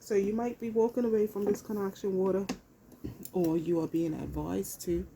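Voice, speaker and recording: A woman's voice: mid-range voice, fairly even intonation, moderate pace, creaky, mellow, a little hiss or hum, low-quality recording. A woman giving a casual tarot reading into her phone, blunt and profane, hammering points home with repetition. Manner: blunt and profane, emphatic repeats. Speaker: tarot reader.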